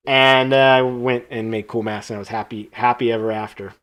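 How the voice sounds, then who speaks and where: A man speaks casually as host of a live stream from his own art studio. His voice sits at an ordinary middle pitch. He tells a long story with energy, acting out what each person said and dropping into quiet asides. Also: moderate pace, few pauses. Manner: animated anecdote-telling that acts out quoted dialogue, trailing off quietly. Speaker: host and creature sculptor.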